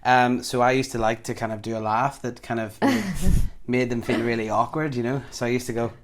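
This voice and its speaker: A man's voice: steady tone, quick pace, a little hiss or hum. A man co-hosting a casual chat, who laughs a lot. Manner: laughs a lot, bursts into loud high laughter. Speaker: co-host.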